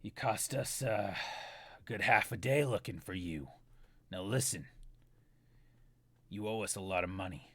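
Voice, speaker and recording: A man voicing a menacing male Trandoshan thug who makes slow, low threats in a dry recording. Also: a bit bright, dry recording.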